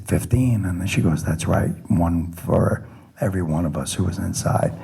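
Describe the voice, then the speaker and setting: In a plainspoken personal testimony, a middle-aged police lieutenant recounts a shooting, mixing in self-deprecating humor and frequent restarts. His lowish voice is creaky, mellow, and slightly rough.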